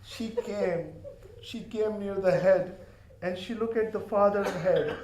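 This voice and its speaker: A man's voice: sits high, takes it slowly, darkish tone, reverberant. A man delivering a mourning sermon, telling the story with passion. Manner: impassioned storytelling. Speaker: majlis speaker.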